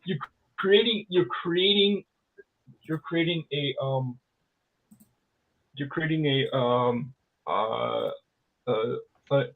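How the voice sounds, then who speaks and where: Halting husky man on a tinny line. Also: mid-range voice, expressive. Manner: halting, repeats words while searching for phrasing. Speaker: interviewer. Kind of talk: casual interview chat.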